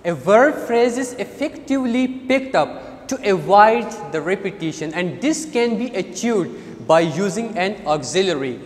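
A man gives a grammar lesson at an unhurried pace, his voice lively and rising and falling as he repeats each point. He often pauses to check that his listeners follow. The sound carries a long hall reverb. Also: sits high. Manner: slow and deliberate, repeating key phrases and checking with "Understand?". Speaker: teacher.

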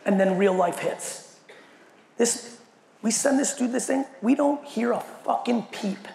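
Animated, gravelly man speaking in an echoey hall. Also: extremely high pitch, unhurried. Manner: animated, profane, acts out quoted dialogue. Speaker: keynote speaker. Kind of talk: storytelling keynote talk. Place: large event hall. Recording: echoey hall with faint noise.

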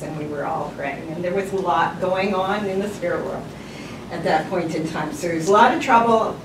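A woman sharing a testimony in a casual, animated way, laughing often as she tells her story in a church setting. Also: lowish voice. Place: church hall. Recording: echoey room, far mic, background noise.

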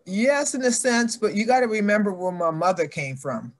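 A woman's voice: mid-range voice, moderate pace. An older woman, a guest athlete, telling her life story earnestly and acting out her family's voices. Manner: animated, acts out family members' voices in her stories.

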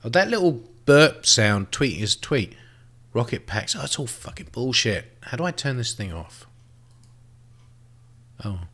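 A man's voice: mid-range voice, very animated, a little slow, pauses often, fairly bright tone, husky. A man giving casual gameplay commentary, thinking aloud and swearing freely as he plays. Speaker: let's play host.

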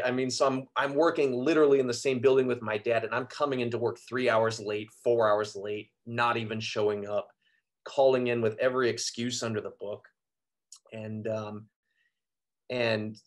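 A priest speaking as a guest, giving an earnest, reflective personal testimony with frequent pauses and fillers. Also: male voice, medium pitch. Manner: earnest, reflective, frequent ums and you-knows.

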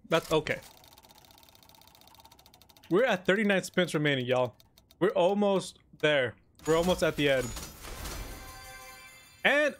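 Excitable high-voiced young man gaming. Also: a little hiss or hum. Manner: excitable, joking, talks while eating. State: mouth full of cookie. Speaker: gaming YouTuber. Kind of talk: casual gameplay commentary.

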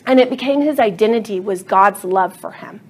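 A middle-aged woman teaching a Bible study lesson, earnest and animated, building to emphatic passion as she retells the story. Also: medium pitch, moderate pace, husky.

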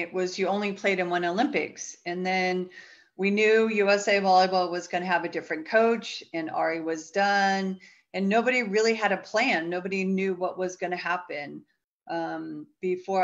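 A woman's voice: on the low side, a bit bright, muffled recording. A woman in her fifties, a volleyball coach, chatting reflectively as an interview guest with frequent fillers, heard over a video call. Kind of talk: casual interview talk.

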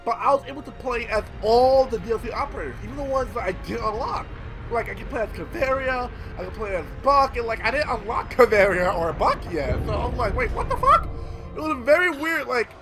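Man gameplay streamer, animated, rambling, swears a lot, game music loud underneath. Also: extremely high pitch, brisk, low-quality recording. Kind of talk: casual gameplay commentary. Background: game music and sound effects.

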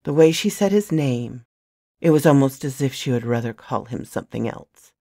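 A woman narrating a novel in the first person with a soft, hushed delivery on a close mic. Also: very deep voice, expressive, normal speed, no room sound. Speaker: storyteller.

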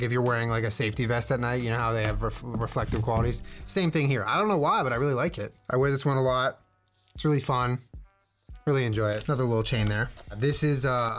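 A man's voice: mid-range voice, fairly bright tone. A young man casually chatting in a vlog, rambling with jokey, self-deprecating asides as he shows off his jewelry. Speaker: streamer showing his jewelry. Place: indoors at home, on camera.

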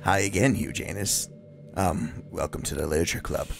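A man reading game dialogue aloud as an eerie, self-aware teenage girl who is the club president, in a soft, low, creepy voice. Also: moderate pace, vocal fry, soft background music. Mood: creepily intimate.

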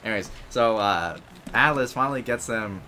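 A man's voice: lowish voice, animated, moderate pace, pushed and bright, a little hiss or hum. A man rambling through an improvised story with lots of fillers while playing a game with friends. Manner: rambling with many fillers, laughing at himself. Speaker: gamer telling an improvised story.

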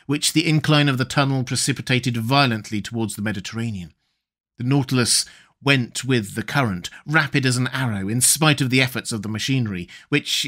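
A man narrating a classic adventure novel as an audiobook reader in a measured, steady way. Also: medium pitch. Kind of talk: scripted narration.

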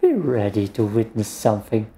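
Man reading a taunting witch spirit, slow, low, dark tone. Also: big pitch swings. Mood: mocking. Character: scheming female spirit witch, mocking.

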